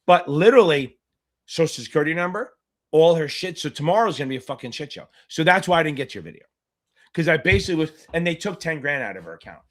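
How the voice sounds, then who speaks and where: On a live Q&A stream, a middle-aged man tutors for a finance exam in a sing-song voice that runs on the high side. He talks bluntly, swearing nonstop through his rapid rants.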